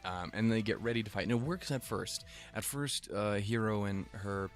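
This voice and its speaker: A man's voice: lowish voice, moderate pace, soft background music. A man casually recapping an anime episode, rambling and swearing freely with chuckling asides. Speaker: anime reviewer.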